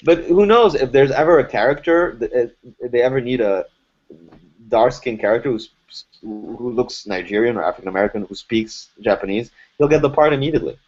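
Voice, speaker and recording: A man's voice: mid-range voice, fairly quick, a little mellow, lo-fi sound. A man from Lebanon, a French native speaker, explaining things conversationally as a voice actor guest in a podcast interview, with many restarts.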